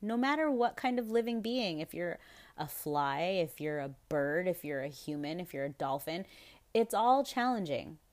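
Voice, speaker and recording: A woman's voice: fairly low pitch, animated, normal speed. A woman hosting her own podcast in a casual, rambling monologue, frank and profane, often breaking into laughter. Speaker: podcast host.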